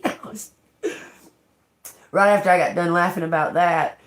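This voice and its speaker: A woman's voice: fairly low pitch, steady tone, moderate pace. A woman tarot reader chatting casually to her viewers, laughing through her words, cursing freely and calling them y'all.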